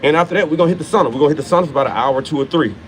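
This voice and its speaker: Racing along in a slightly high voice, a thirtysomething man gives a profane, forceful pep talk about training and hammers home key lines through repetition. He's a fitness motivator, and the low-quality recording carries a faint hiss or hum.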